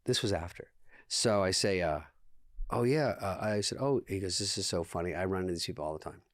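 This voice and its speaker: A man telling deadpan anecdotes as a podcast guest, in casual chat full of quoted dialogue. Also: low voice, brisk, dry recording, studio quality. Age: 20s.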